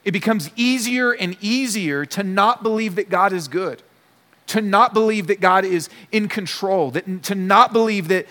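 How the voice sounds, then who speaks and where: A man's voice: sits high, unhurried, bright, forceful tone, in a large hall. A man preaching a sermon as pastor, earnest and emphatic, repeating key phrases for weight.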